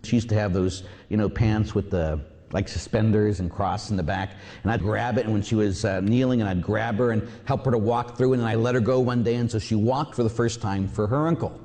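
A Catholic priest preaching a sermon, telling stories with lively energy and acting out voices. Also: male voice, lowish voice, brisk, few pauses. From Pittsburgh area. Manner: animated storytelling, acts out voices. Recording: long hall reverb.

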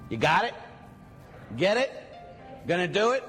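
A middle-aged man, a priest, giving a lively sermon talk full of joking stories and acted asides. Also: high-pitched, measured pace, pauses often, soft background music. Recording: long hall reverb, faint ambience.

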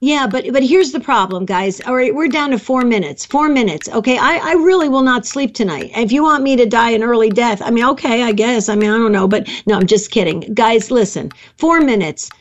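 Excitable high-voiced woman radio host. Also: brisk, few pauses. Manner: excitable, chatty, self-mocking. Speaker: radio pledge drive host. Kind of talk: live radio fundraising chat.

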